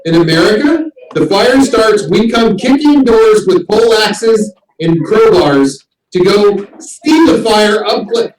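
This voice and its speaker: A man hosting a casual group chat, telling animated stories and shouting out the lines he quotes. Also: sits high, takes it slowly, hardly any pauses. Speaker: host. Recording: distant mic in echoey room.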